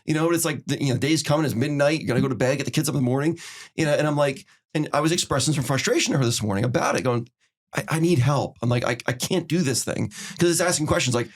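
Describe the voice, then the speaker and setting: Middle-aged male podcast host, rapid delivery, earnest advice-giver who acts out dialogue. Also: fairly high pitch, expressive. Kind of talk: casual advice chat.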